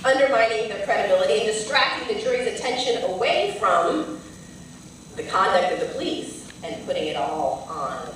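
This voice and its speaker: A woman's voice: medium pitch, expressive, normal speed, fairly bright tone, distant mic, a little hiss or hum. A woman lawyer giving a lecture, telling a personal story in an earnest, vivid way. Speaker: civil rights lawyer and lecturer. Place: large lecture hall. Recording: very echoey hall, heard from afar.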